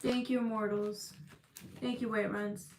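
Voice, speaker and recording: A woman's voice: medium pitch, level tone, a little slow, reverberant, noisy background. A woman giving a tarot reading to her viewers, emotional and tearful, swearing freely and calling them y'all. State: crying. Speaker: tarot reader.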